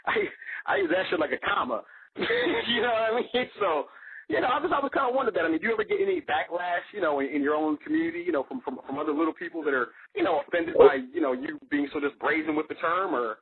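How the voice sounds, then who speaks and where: Brash radio host guy, high voice jumping all over, talks fast, tinny phone-like sound. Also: very animated, husky, no room sound. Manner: brash, profane, laughs often. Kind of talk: casual comedy chat.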